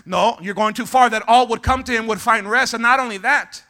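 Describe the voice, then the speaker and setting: A male pastor preaching in a church, calling on the congregation to shout back, dropping Spanish words into his talk, and swinging between loud shouting and hushed, low passages. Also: a little fast. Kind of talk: call-and-response preaching. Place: church sanctuary.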